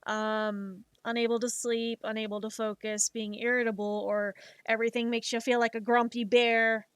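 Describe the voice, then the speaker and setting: A woman streamer chats casually while she works on her art, swearing freely and throwing herself into her stories. Her voice sits a little higher than most, and the close, dry mic leaves no room sound at all. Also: normal speed, clear, resonant tone, no echo. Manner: swears freely, animated retelling with emotional outbursts. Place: home streaming setup.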